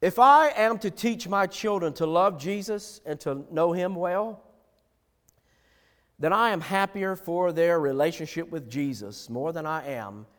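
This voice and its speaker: A man's voice: on the high side, measured pace, fairly bright tone. A middle-aged male pastor preaching a sermon with emphatic, repetitive phrasing. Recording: long hall reverb.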